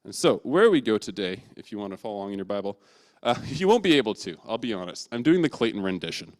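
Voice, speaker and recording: A man's voice: on the low side, big pitch swings, fast. A man preaching in a church, telling a childhood story in a casual, self-deprecating way.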